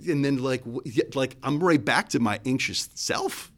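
A man preaching a sermon in a conversational, searching way, often restarting his sentences. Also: measured pace. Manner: conversational, searching, with restarts and lively swings in pitch and loudness. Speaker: pastor.

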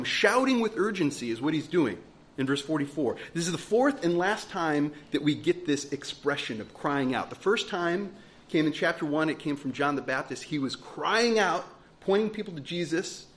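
A man's voice: fairly high pitch, expressive, moderate pace. A man preaching a sermon, earnest and emphatic, asking the congregation rhetorical questions. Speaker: pastor.

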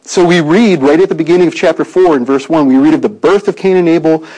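A man's voice: on the high side, fast talker, mellow, low-quality recording. A man preaching a sermon in an earnest, conversational way, with frequent restarts and rhetorical questions.

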